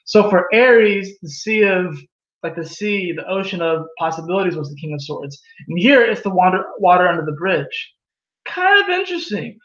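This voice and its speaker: Male tarot reader, high and chatty, dull lo-fi home recording. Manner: animated, laughs at own jokes, acts out quoted voices. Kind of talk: casual tarot reading monologue. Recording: echoey room, dull lo-fi sound.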